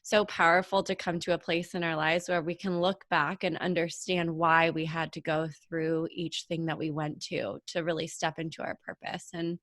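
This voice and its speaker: A woman hosting a podcast interview, reacting warmly and gushing over her guest. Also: deep voice, little pitch movement, normal speed, hardly any pauses, no room sound, clean studio sound. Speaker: podcast host. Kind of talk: interview conversation.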